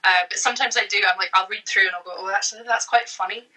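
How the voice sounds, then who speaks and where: A woman actress, a podcast guest, talking casually and relaxed with many "like"s and easy laughs. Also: mid-range voice, very fast, rough recording. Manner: relaxed, laughs easily, hedging with "like". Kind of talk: casual interview chat.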